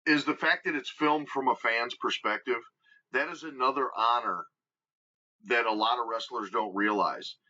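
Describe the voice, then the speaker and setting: A man with a Midwestern American accent, guest on a podcast, telling stories in an animated, emphatic way and acting out what others said. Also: mid-range voice, normal speed. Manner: animated storyteller, emphatic, acts out quotes. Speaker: guest wrestler. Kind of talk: casual storytelling interview. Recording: dull lo-fi podcast audio.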